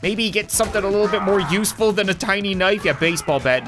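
Lively wisecracking man narrating gameplay. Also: high voice, fairly quick, hardly any pauses, over music. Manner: wisecracking, sarcastic, talks to game characters. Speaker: let's-play host. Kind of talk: joking game commentary.

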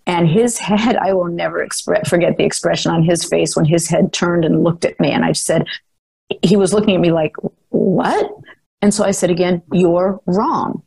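A woman's voice: on the low side, steady tone, moderate pace, gravelly, a little mellow, husky, dry recording, poor audio. An older woman telling a story in a podcast interview, articulate and emphatic, speaking self-assuredly into a close mic. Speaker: guest, former sports executive.

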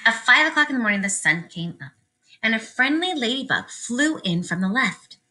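A woman teaching preschoolers at circle time and reading a story aloud, animated and sing-song. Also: on the high side, low-quality recording. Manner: slow, sing-song, animated for little kids.

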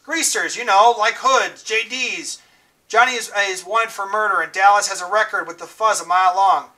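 A man's voice: high-pitched, normal speed, sharp tone, recorded from a distance. A man reading as a dazed tough teen boy. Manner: tough, worried.

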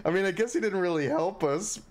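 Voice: mid-range voice, fairly quick. A game streamer giving casual, wry gameplay commentary, joking and swearing freely.

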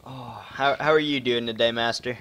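A young man from Wisconsin giving excitable live commentary on a hard survival game, swearing often and greeting chat viewers. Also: mid-range voice, moderate pace, clear, resonant tone. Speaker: game streamer.

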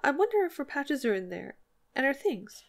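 A woman reading the part of a timid, soft-spoken sheriff's wife. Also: sits high, sing-song, normal speed, pitched above the performer's own voice. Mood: gentle.

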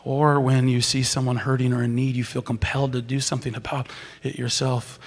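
A man preaching a sermon as pastor, animated, swinging from loud exclaiming to soft whispers. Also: medium pitch, brisk. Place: large church sanctuary. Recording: long hall reverb.

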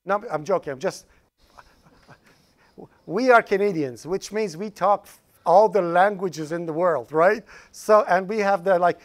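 A man's voice: sits high, a little slow. A man lecturing a college programming class, talking straight to his students and joking with them as he goes. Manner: joking, animated lecturer addressing students directly.

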